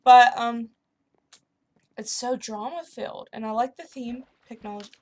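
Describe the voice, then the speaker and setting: Chatty young woman, higher voice. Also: normal speed, a little hiss or hum. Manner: chatty, excitable, talks to game characters. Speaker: gaming YouTuber. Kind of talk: casual commentary over gameplay.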